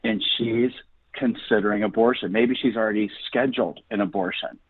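Man, radio guest, earnest preachy talk, husky low voice, phone-line sound. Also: steady tone, fairly quick, dry recording. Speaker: guest, ministry founder. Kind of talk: enthusiastic radio interview talk. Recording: dry phone-line audio.

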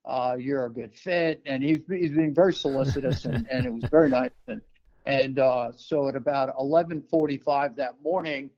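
An older man from New York telling a personal story as an interview guest, relaxed, with many fillers and restarts. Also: medium pitch, moderate pace, dull audio.

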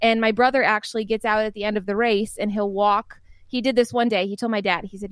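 A woman's voice: medium pitch, steady tone, fairly quick, hardly any pauses, a bit bright, clear, resonant tone, no echo. A young woman, an interview guest, telling family stories in a chatty way and laughing often. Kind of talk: casual storytelling in an interview.

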